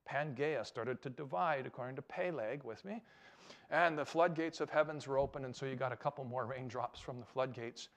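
A man giving an emphatic, animated talk to a live audience as a Christian apologetics speaker, often asking them rhetorical questions. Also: mid-range voice, normal speed.

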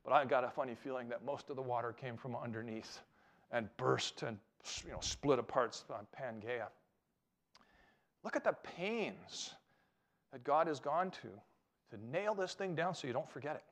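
Speaking to a live crowd, a male Christian apologetics speaker gives an animated, emphatic talk full of rhetorical questions. He has a mid-range voice and a moderate pace.

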